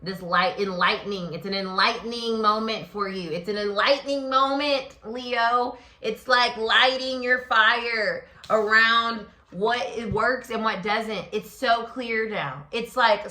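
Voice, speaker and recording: A woman gives a solo tarot reading in a bright, forward voice. She talks freely with plenty of fillers and slips into acted-out inner voices. The recording carries a noticeable echo from the room. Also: mid-range voice, a little slow, hardly any pauses. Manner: expressive, many fillers, acts out inner voices. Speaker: tarot reader and astrology host.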